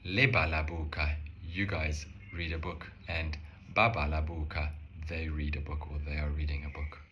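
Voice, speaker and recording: A man calmly explaining a language lesson step by step, slowing down to say example phrases. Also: a bass voice, dull audio, slight background noise. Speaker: language teacher.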